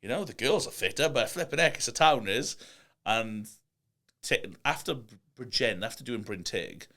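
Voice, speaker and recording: Welsh guest in his young adult years, animated and expressive, mid-pitched voice with a wide swing. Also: moderate pace. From Wales. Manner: animated, excitable storyteller. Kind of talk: casual chat.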